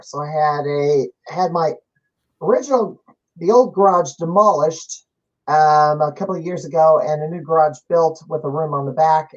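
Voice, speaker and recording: A podcast host chatting casually about a home arcade, self-mocking and chatty. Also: medium pitch. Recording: slightly dull, lo-fi audio.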